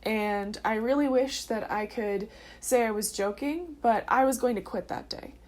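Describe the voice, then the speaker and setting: Young woman, early twenties, slightly high voice, casual and heartfelt personal vlog delivery. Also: normal speed, a little mellow. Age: early 20s. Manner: earnest and chatty, with filler words. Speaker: vlogger sharing her testimony.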